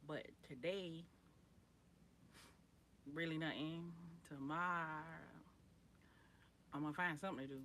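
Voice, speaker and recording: A woman hosting a casual livestream, rambling in relaxed slang and greeting viewers by name. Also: low voice, measured pace, long pauses, slight background noise. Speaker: livestream host.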